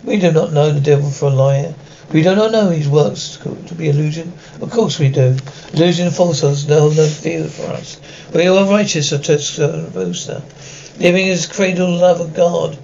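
Self-righteous cartoon archbishop preaching; a pompous, slightly gravelly voice with a dull, lo-fi sound. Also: male voice, on the high side, normal speed, a little mellow, a little hiss or hum. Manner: grand preaching delivery.

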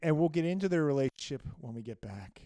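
A man hosting a casual chat show, telling a story in a joking, animated way. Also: fairly high pitch, fast, no room sound. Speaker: podcast host.

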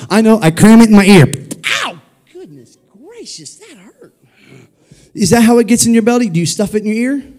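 In a church sanctuary, a man preaches a playful, jokey children's sermon, leading the crowd in repeat-after-me call-and-response. His voice is high-pitched and darkish in tone, and he talks at a quick pace.

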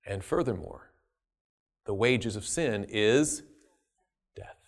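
A man's voice: on the low side, lively intonation, pitched below the performer's own voice, heavily acted. A man doing a stern, solemn God. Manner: grave, measured. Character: stern, solemn male God passing judgment.

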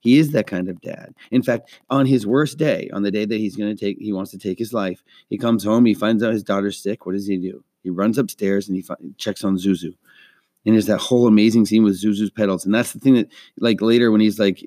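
A man's voice: on the low side, moderate pace, mellow, no room sound, clean studio sound. A man hosting a podcast, talking casually and earnestly about faith and a film, with many restarts and asides. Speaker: podcast host. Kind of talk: casual faith-based movie talk.

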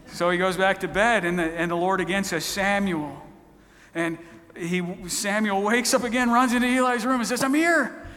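A man's voice: sits high, steady tone, fairly quick, a bit bright. A man preaching a sermon, retelling stories in a conversational, storytelling way. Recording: long hall reverb.

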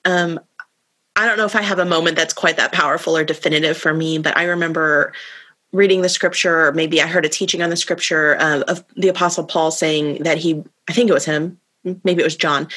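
A woman's voice: fairly low pitch, steady tone, brisk, a bit bright, breathy edge. A woman co-hosting a faith podcast, chatting casually and rambling as she searches aloud for the right words. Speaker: podcast co-host.

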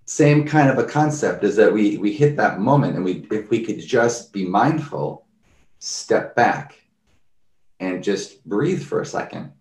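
A man's voice: fairly low pitch, a little slow, roomy sound, recorded from a distance. A man talking casually about mindfulness, telling everyday stories and acting out people's reactions. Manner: animated storyteller, acts out quoted reactions. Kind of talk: casual conversational talk.

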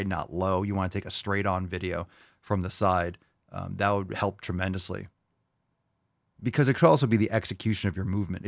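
A man's voice: low voice, no room sound, studio quality. A man hosting a fitness podcast, coaching listeners in a blunt, joking, profane casual chat.

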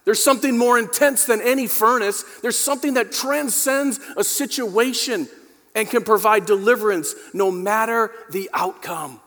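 A male pastor gives a dynamic sermon at a normal pace, speaking straight to the congregation and swinging between quiet, low passages and emphatic peaks. The recording has a long hall reverb.

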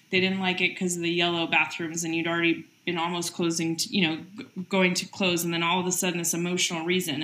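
Middle-aged woman guest, energetic and chatty, bright forceful tone, roomy echo. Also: fairly low pitch. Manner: energetic, quick, heavy use of "like" fillers. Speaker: entrepreneur guest. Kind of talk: casual interview chat.

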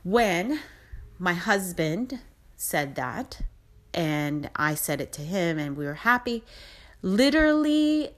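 Low-voiced chatty woman podcaster. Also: lively intonation, slow. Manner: chatty, rambling, upbeat motivational. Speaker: podcast host. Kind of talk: casual storytelling monologue.

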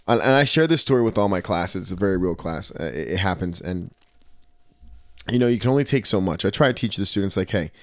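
A man's voice: sits low, fast, dry recording, studio quality. A man co-hosting a casual podcast, telling a profane story and acting out the people in it. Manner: animated storyteller, acts out quotes, swears freely. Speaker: podcast co-host.

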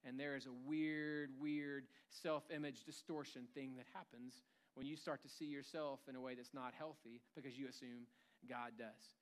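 A man's voice: mid-range voice, fairly even intonation, normal speed, clear, resonant tone. A man preaching a sermon in a church, conversational and humorous, acting out bits of everyday dialogue. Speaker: pastor.

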